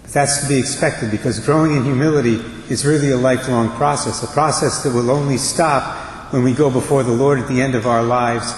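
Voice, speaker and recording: A man preaching a homily in a church, measured and earnest, leaning on slow emphatic phrases. His mid-pitched voice rings through a roomy space with a long reverb tail and a faint hum underneath. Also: fairly even intonation. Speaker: priest.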